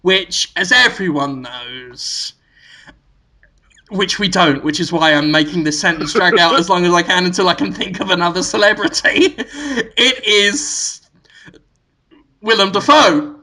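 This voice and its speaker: A man's voice: high-pitched, measured pace, sharp tone. A male podcast host telling a rambling, absurd improvised story with frequent giggles.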